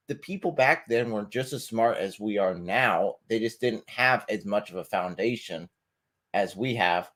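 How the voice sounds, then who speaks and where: A man's voice: fairly low pitch, a little slow, fairly bright tone. A man co-hosting a casual discussion, blunt and emphatic.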